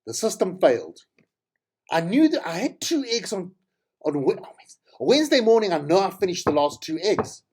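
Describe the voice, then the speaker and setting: A man's voice: sits high, big pitch swings, normal speed, darkish tone, breathy edge. A middle-aged man with a South African accent, telling rambling, tangential stories as a podcast host. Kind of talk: casual monologue.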